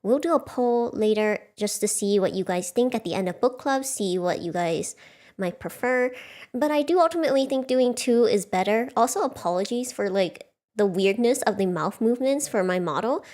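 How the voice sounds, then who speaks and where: A woman's voice: a little high, expressive, moderate pace, darkish tone. A woman chatting casually as the host of a livestreamed book club. She is chatty and bubbly, laughs often, and talks into a desk mic.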